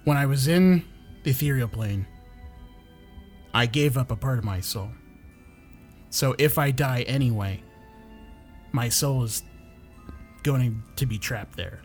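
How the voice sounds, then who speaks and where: A man's voice: mid-range voice, a little slow, long pauses, soft background music. A man playing a tabletop role-playing game, earnestly telling a story in character. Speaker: player.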